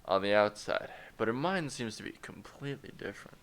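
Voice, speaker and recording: A man's voice: on the low side, animated, brisk, fairly bright tone. Rambling, self-mocking man playing a story game. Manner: rambling, self-deprecating, laughs at his own jokes. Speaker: streamer. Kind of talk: game playthrough commentary.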